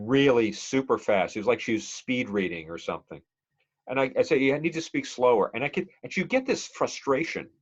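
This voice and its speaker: A middle-aged man teaching a speech class, talking in a relaxed conversational way with many fillers and questions to the students. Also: lowish voice. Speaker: college speech instructor. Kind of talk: classroom lecture. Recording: dull lo-fi classroom recording.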